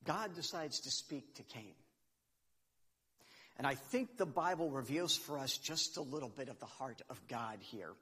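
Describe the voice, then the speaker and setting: A man's voice: mid-range voice, lively intonation, a little slow, sharp tone, breathy edge, long reverb tail. A man giving a sermon, explaining Scripture in an earnest, teaching way and reading verses aloud. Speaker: preacher.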